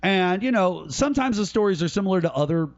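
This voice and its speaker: A man hosting a podcast, giving casual, mocking political commentary in an animated way. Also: high-pitched, fast. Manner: ranting, mocking, animated storytelling. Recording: dull lo-fi podcast audio.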